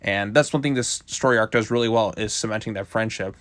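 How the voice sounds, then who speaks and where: A man's voice: fairly low pitch, a little fast, a bit bright, no echo. A man giving a casual video review of a comic book, loosely retelling the plot with lots of "like" fillers.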